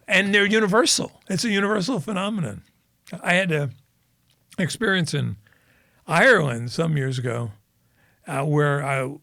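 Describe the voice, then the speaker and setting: Gravelly-voiced man telling rambling stories. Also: on the high side, fairly bright tone, no room sound, clean studio sound. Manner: rambling anecdotes, laughs at own jokes. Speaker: podcast co-host. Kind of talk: casual chat.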